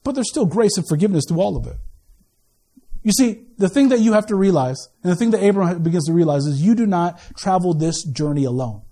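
A man's voice: high voice, lively intonation, fairly quick, dark tone. A man giving a sermon as pastor, casual and joking, often repeating his first words as he restarts. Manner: casual, joking preaching with many stammered restarts.

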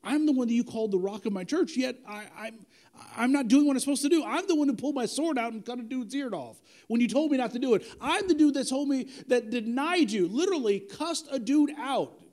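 A man's voice: very high-pitched, lively intonation, fairly quick, darkish tone, voice pushed up. A man acting out a guilt-ridden grown man who pleads and doubts his own worth. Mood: self-reproaching. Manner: pleading, self-reproaching.

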